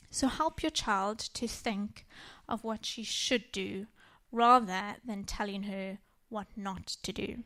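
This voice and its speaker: A woman in her thirties speaks to a church about raising children. She tells stories from home in a gentle, personal way. Her voice sits a little high for a woman. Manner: warm personal storytelling, gentle. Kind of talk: talk on parenting.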